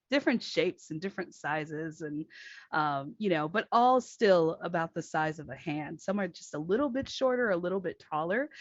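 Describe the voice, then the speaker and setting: A woman narrating a tabletop role-playing game as game master, unhurried and full of fillers as she describes the scene. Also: on the low side, no room sound. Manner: unhurried, filler-laden storytelling. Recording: dry, slightly muffled stream audio.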